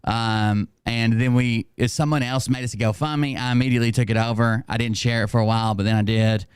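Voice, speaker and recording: A man's voice: mid-range voice, steady tone, brisk, smooth, no echo, studio quality. A man hosting a casual livestream, rambling and self-mocking, laughing often. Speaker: streamer host.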